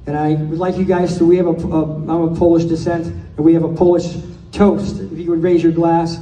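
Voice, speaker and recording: Man, high pitch, very mellow tone, delivering a roast toast with punchlines; distant mic in an echoey hall. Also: little pitch movement. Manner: rapid one-liner punchlines. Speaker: speaker giving a birthday toast. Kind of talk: joke-filled roast speech.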